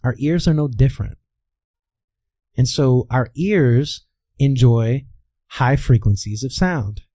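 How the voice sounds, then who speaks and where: A mellow, medium-pitched man from the Midwestern United States takes his time as an interview guest. The voice coach explains like a teacher, posing rhetorical questions and answering them, in a dry recording.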